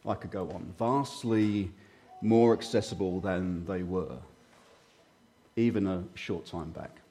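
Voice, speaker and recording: A man's voice: sits low, slow pace, mellow. A man in his fifties preaching a sermon with a slight frog in his throat, talking conversationally with hesitant fillers and self-deprecating asides. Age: 50s.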